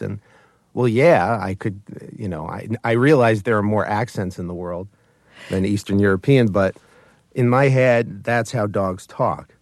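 A man who creates puppet shows, telling stories in a casual interview, animated and often laughing between his words. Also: lowish voice, no room sound, clean studio sound. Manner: animated, laughs often mid-sentence, quick restarts.

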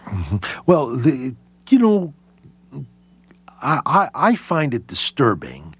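A man answering interview questions as a historian, halting and full of fillers and restarts. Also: medium pitch, wildly swooping pitch, husky, dry recording. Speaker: historian guest.

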